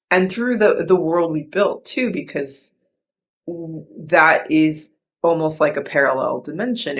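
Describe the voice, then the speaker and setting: A woman podcast host talks in a relaxed, reflective chat. Her voice carries a gravelly, creaky edge. She rambles earnestly and softly, circling back with fillers and restarts. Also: deep voice.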